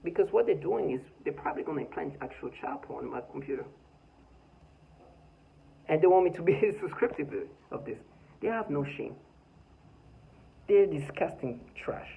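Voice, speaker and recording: A man's voice: fairly high pitch, animated, normal speed, creaky, pauses often, phone-quality sound. A man talking by his front door in an agitated, rambling vlog monologue, full of stammered restarts and bitter laughs. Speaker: vlogger.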